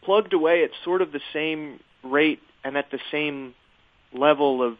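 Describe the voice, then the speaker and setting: A man in a casual podcast conversation, remembering a friend as a guest and talking haltingly with many fillers and restarts. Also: a little high. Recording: tinny phone-like line.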